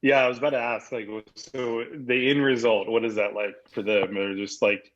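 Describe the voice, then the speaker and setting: A man's voice: mid-range voice, level tone, moderate pace, fairly bright tone, muffled recording, slight background noise. An American man, a guest, telling rambling stories in casual interview chat, with many fillers and self-corrections. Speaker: guest, agency founder.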